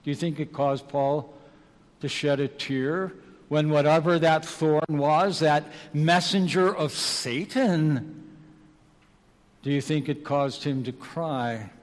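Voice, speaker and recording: A man preaching an evening sermon, slow and dramatic, moving between hushed and loud passages. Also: a little high, fairly even intonation. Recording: long reverb of a large hall.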